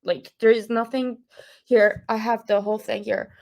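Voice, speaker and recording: A woman from Iran, a correspondent, casually retelling a written account aloud, often pausing on fillers and restarting her sentences. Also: fairly high pitch, steady tone, a little mellow. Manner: hesitant, many fillers and restarts. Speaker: correspondent recounting a news story.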